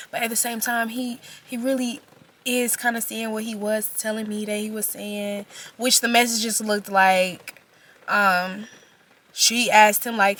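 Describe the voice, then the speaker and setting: A woman's voice: mid-range voice, fairly bright tone, a little hiss or hum. A young woman, chatting casually to camera as she retells a personal story with slang and quoted exchanges. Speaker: vlogger telling a storytime.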